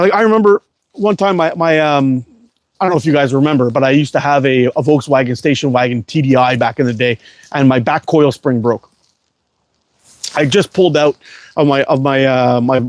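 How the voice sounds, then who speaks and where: A man's voice: fairly high pitch, dry recording. A man telling a long, rambling, profanity-heavy story in a casual livestream chat. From Canada. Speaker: livestream host.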